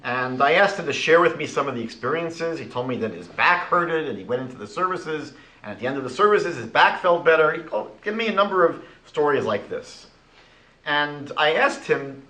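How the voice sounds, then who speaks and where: A man giving a lecture as a rabbi, animated and rhetorical, retelling conversations. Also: on the high side, roomy sound, rough recording.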